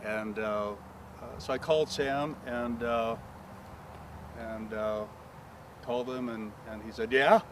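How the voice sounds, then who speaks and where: A pastor telling a story outdoors, acting out the voices of the people in it. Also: male voice, mid-range voice, takes it slowly, pauses often, background noise. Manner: animated storyteller acting out quoted dialogue. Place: outdoors on a paved property.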